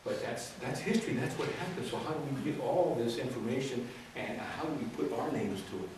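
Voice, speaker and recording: A man's voice: medium pitch, animated, a little fast, noisy background. A middle-aged man from Texas giving a presentation, telling anecdotes with acted quotes and laughter. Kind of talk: storytelling talk to an audience. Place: large room with audience. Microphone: distant room mic. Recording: echoey room recorded from far off.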